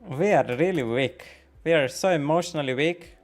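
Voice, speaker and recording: Tense, swearing poker streamer, high-voiced. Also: male voice, normal speed, soft background music. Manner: thinks out loud about hands, swears often, questions his own nerves. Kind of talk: live-stream commentary while playing.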